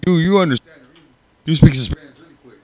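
A man's voice: on the high side, fast, darkish tone. A man with a Mexican-American accent in casual chat, laid-back, teasing and chiming in with short replies. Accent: Mexican-American English.

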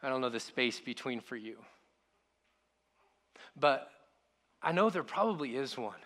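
A man, a pastor, preaching a sermon in an earnest way, repeating his words and dropping to a hushed voice on key lines. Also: medium pitch, expressive, a little slow.

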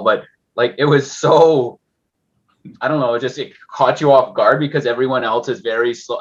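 A man's voice: mid-range voice, husky, highs cut off. A man talking as a guest on a casual investing podcast, rambling and restarting with many fillers.

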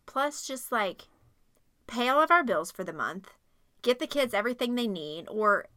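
A woman in her forties chatting casually with her husband, rambling and halting as she talks. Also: on the high side, very animated, bright, forceful tone, dry recording, studio quality. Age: 40s. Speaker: wife in a casual couple's chat. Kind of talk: casual chat.

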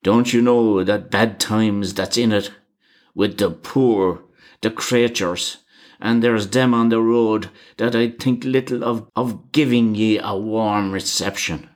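Guy putting on a gruff irish cab driver, deep voice, slow ominous brogue. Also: steady tone. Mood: earnest warning. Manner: brogue, grave warning tone. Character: surly old male Irish car driver, ominous.

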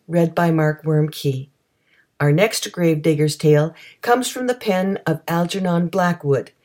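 Brief: female presenter, lowish voice, calm scripted introductions. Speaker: show presenter.

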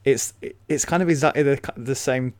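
A man's voice: medium pitch, moderate pace, a little mellow, dry recording. A man co-hosting a podcast, talking casually with a lot of ums and restarts. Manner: hesitant, many fillers and restarts. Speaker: podcast co-host. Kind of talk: casual chat.

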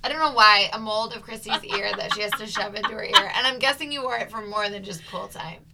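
A woman's voice: medium pitch, fast talker, gravelly, distant mic, very noisy. A woman co-hosting a podcast for school leaders, teasing her partner and laughing often. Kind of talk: casual podcast banter.

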